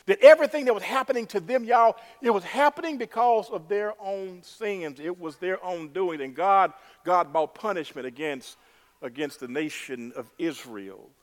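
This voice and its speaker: A man's voice: sits high, long reverb tail. A man preaching a sermon, repeating words for emphasis and calling the congregation "y'all".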